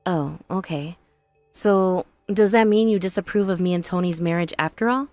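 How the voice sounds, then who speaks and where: A woman voicing a patient young bride in an animated story, calm, earnest and reasoning. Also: lowish voice, normal speed, no room sound, soft background music, lightly acted.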